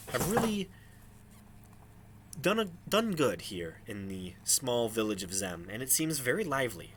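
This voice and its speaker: A man's voice: on the low side, a bit bright, a little hiss or hum. A man narrating as game master in a casual, hesitant way with many ums.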